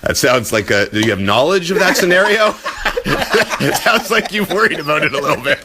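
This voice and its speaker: A man's voice: a little high, animated, fairly quick, background noise. A man hosting a casual podcast chat in a hotel suite, playful and laughing often as he spins hypotheticals. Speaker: podcast host.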